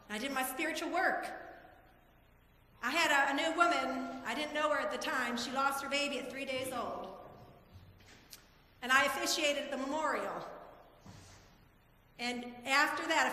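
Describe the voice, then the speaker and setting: A woman's voice: high-pitched, bright, forceful tone. A woman in her forties preaching a heartfelt sermon to her congregation, telling personal stories. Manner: emotional, heartfelt storytelling to a congregation. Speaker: pastor. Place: church sanctuary. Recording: echoey church hall.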